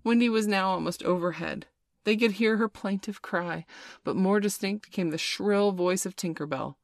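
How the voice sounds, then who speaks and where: A woman narrating a children's storybook in a measured, expressive read-aloud. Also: lowish voice, no echo, clean studio sound. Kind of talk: storybook reading.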